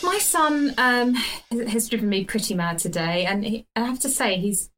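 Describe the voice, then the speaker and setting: A woman, a podcast co-host who tells animated stories and teases her partner. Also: mid-range voice, normal speed, loud music behind the voice, poor audio. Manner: animated storyteller, teasing. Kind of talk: casual chat.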